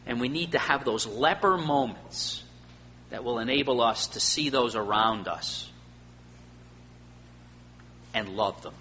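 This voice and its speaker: Bright-voiced preacher in a big echoing hall. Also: male voice, mid-range voice. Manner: preaching with swings between loud emphasis and quiet asides. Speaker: pastor. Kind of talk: sermon. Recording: faint hum and long hall reverb.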